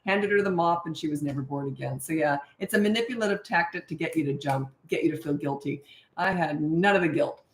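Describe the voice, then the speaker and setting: A woman's voice: sits low, brisk, slight background noise. A middle-aged woman from Canada, a parenting coach, chatting casually on a live stream, laughing often and giving blunt, no-nonsense advice. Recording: echoey room.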